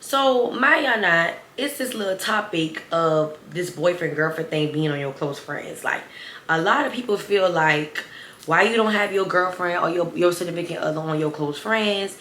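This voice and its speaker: A young woman tells a story in a casual vlog, her lowish, slightly bright voice animated and emphatic at a normal pace. She's chatty and calls her viewers "y'all." The room has a roomy echo and faint background noise.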